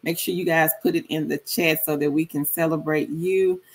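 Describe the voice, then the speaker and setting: A woman hosting a casual livestream, reading viewer comments aloud and greeting people by name, sometimes in a sudden high sing-song call. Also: fairly even intonation. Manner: slow, drawn-out delivery. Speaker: livestream host.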